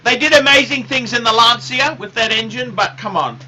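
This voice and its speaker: Enthusiastic man on a livestream, very bright voice. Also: extremely high pitch, a little fast, husky, low-quality recording. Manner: enthusiastic, repeats words and phrases. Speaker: livestream host. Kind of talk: casual livestream chat answering viewer questions.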